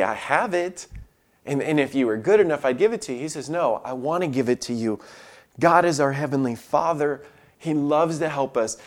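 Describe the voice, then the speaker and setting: Impassioned preaching man, soft and loud turns. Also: a little high. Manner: impassioned preaching, dropping to soft near-whispers on quoted lines. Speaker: pastor. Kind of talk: sermon.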